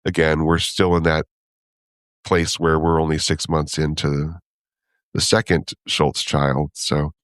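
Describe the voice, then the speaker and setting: A man's voice: a bass voice, little pitch movement, slow, a bit bright, dry recording, studio quality. A man co-hosting a podcast, talking easily, thinking aloud and laughing often. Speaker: podcast co-host. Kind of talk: casual chat about comic strips.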